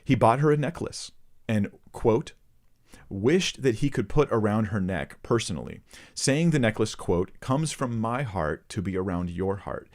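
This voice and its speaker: Man, lowish voice, ministry host, reading a report aloud, earnest asides to viewers. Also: expressive, measured pace, darkish tone. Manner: earnest, addresses viewers directly. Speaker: host of a Christian ministry channel.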